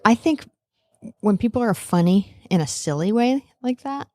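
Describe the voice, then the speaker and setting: A woman's voice: on the high side, lively intonation, normal speed, darkish tone, no room sound, clean studio sound. A woman hosting a podcast, asking reflective, engaged questions in an interview. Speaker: podcast host. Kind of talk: interview conversation.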